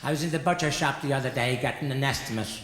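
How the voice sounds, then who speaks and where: A man's voice: medium pitch, fast talker, lightly acted. A man putting on an old gossip lady. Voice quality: deadpan storytelling with shrewd wit. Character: chatty elderly Irish woman gossiping with a friend. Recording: echoey hall with background noise.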